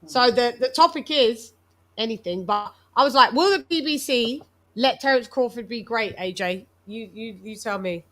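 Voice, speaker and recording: London woman hosting a live chat, kinda high voice, twangs in and out of american and patois, laughs a lot. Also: moderate pace, a bit bright. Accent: London English mixed with American and Jamaican twang. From England. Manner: chatty, laughs often, code-switching slang. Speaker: host. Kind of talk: casual live-stream chat.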